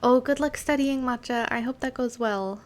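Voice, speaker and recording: A young woman streaming a game, chatting casually with viewers, giggling often and filling pauses with "like" and "um". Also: on the high side. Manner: chatty, giggly, with many fillers. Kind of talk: casual gameplay chat with chat reading.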